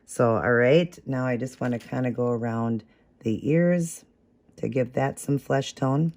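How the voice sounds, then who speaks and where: A man's voice: medium pitch, steady tone, a little slow, darkish tone. Man, craft tutorial host; easygoing step-by-step talk, thinks aloud, fixes his own slips. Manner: chatty, talks while working, corrects own slips.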